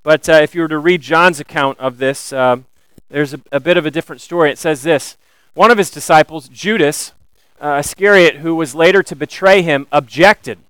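A man preaching a sermon, animated and building to emphatic questions. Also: a little high, moderate pace, clean tone, no room sound, poor audio. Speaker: pastor.

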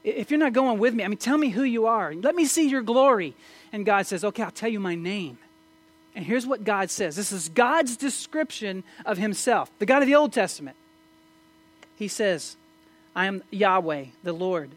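A man preaching a sermon, swinging from loud emphatic questions to low, quiet asides. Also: expressive, moderate pace. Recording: mains hum in the background.

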